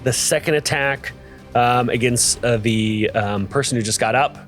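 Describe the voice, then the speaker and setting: Male game master, mid-pitched, hesitant fillers, plain narration. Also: normal speed, soft background music. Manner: steady, with frequent ums and uhs.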